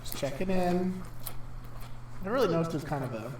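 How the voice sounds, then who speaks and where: A man's voice: sits high, expressive, brisk, a little mellow, a little hiss or hum. A man casually chatting and joking while streaming a game, swearing freely. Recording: roomy sound from a distant mic.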